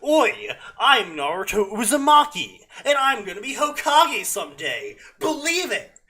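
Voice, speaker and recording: A brash, hot-headed boy ninja, as a man reading aloud puts him on. He yells high and loud in a childish fury, with a bright, sharp edge. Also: expressive, measured pace, husky, full character voice. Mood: yelling. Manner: yelling, childish.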